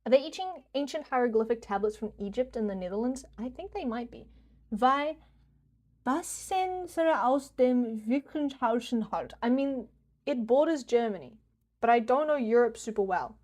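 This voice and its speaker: Animated New Zealand woman streamer, higher voice. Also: moderate pace. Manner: animated, swears freely, jokey mock rants. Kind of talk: casual live-stream game commentary.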